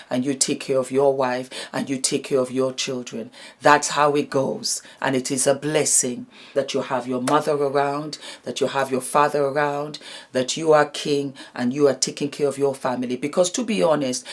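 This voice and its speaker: A middle-aged woman vlogging straight to camera, giving emphatic, affectionate advice and calling her viewers darlings. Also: deep voice. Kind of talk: direct-to-camera advice vlog.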